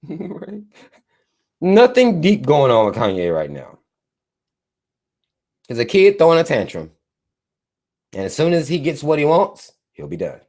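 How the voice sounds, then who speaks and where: Animated, cursing man ranting on a livestream. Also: a little high, a little slow, long pauses. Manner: animated, profane, mocking, emphatic. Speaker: livestream host. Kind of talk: profane live-stream rant.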